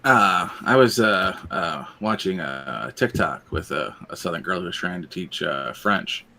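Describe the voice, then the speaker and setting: A man's voice: low-pitched, animated, a little slow, creaky, bright, forceful tone. A man chatting casually on a podcast, telling rambling stories full of fillers. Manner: rambling storyteller, many uh fillers and laughs. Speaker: podcast co-host. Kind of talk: casual chat.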